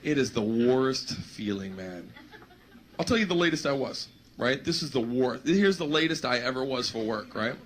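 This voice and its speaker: A man doing a stand-up routine, animated and jumping into squealing voices. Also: mid-range voice, normal speed. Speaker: stand-up comedian. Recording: noisy live stand-up recording.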